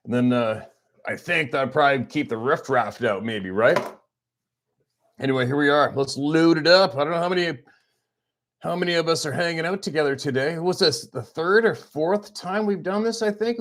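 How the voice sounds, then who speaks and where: A man's voice: fairly high pitch, moderate pace, long pauses. Guy hosting a hunting stream, voice jumps all over, jokey and teasing, just chatting. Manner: animated, playful teasing. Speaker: hunting channel host. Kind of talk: casual livestream chat. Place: small farmhouse at Christmas.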